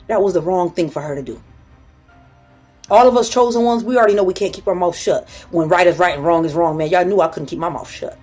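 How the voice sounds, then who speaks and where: A woman's voice: lowish voice, fast, darkish tone, faint music behind. A woman hosting a casual motivational talk, blunt and profane as she tells stories to her audience.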